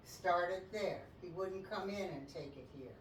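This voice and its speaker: A woman dog trainer coaching a session, calmly instructing and breaking into high, excited praise for the dog. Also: normal speed. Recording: echoey, distant mic, faint noise.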